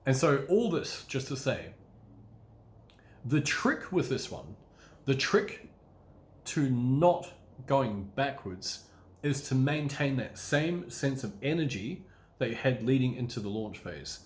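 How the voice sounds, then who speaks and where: A man with a lowish voice talks casually as a business coach. He rambles, breaks into quick asides that act out what he is thinking, and swears now and then without fuss. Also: animated. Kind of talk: casual solo talk to camera.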